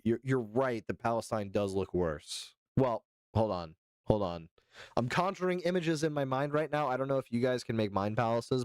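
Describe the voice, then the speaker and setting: Animated low-voiced man streaming. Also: smooth, no echo, studio quality. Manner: hesitant, repeats himself, swears casually. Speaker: livestreamer reading chat. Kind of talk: casual livestream commentary. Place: home streaming setup.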